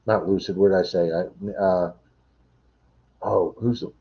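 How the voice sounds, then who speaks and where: A man's voice: deep voice, steady tone, unhurried, muffled recording. A middle-aged man hosting a casual livestream from home, rambling and answering viewers' chat messages. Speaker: livestream host.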